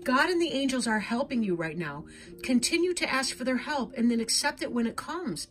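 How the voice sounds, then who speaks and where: Faint music plays behind a woman doing an intuitive tarot reading for her viewers, her high-sitting, expressive voice moving briskly. Emotional and sincere, she keeps checking in with "right?"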